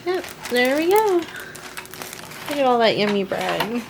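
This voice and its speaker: A woman's voice: fairly high pitch, big pitch swings, measured pace, vocal fry. A woman hosting a home baking channel, chatting casually in her kitchen and laughing often. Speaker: home baker, channel host. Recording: noisy home recording.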